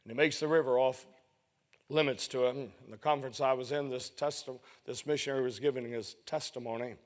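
A man preaching a sermon, telling a story that climbs to loud emotional peaks and then falls low and hushed. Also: steady tone, fairly quick.

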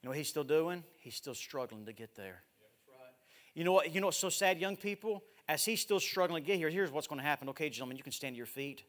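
High bright preacher, hushed then loud. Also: male voice. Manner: animated, swinging from loud exhortation to hushed drawn-out words. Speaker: missionary preacher. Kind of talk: evangelistic sermon with live demonstration. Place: large church sanctuary. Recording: echoey church hall.

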